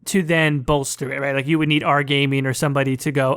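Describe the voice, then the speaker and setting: Podcast co-host, casual gaming chat, wry, thinks out loud, mid-pitched voice. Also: level tone, fast talker, few pauses, smooth.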